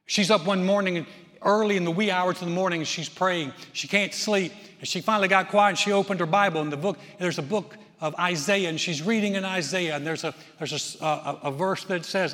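High-voiced man preaching in a hall. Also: a little fast. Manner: conversational, folksy, lively storytelling. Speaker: pastor. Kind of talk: sermon.

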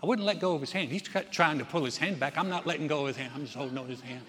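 A man's voice: fairly high pitch, very fast. A man preaching a sermon as pastor, telling stories and acting out the people in them. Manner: animated storyteller, acts out quoted voices. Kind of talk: sermon with storytelling. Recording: long church reverb.

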